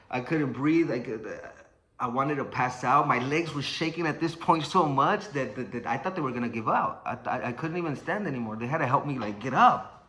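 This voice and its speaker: A man's voice: medium pitch, brisk, roomy sound. A young man telling a story in casual speech, swearing often and acting out sounds and what people said. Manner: swearing, animated, acts out sounds and quotes.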